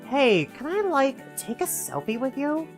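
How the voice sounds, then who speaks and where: A man's voice: very high-pitched, sing-song, measured pace, soft background music, voice pushed up, full character voice. A man voicing a bubbly valley-girl triceratops teen girl with a nasal drawl. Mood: chirpy. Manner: chummy, aloof.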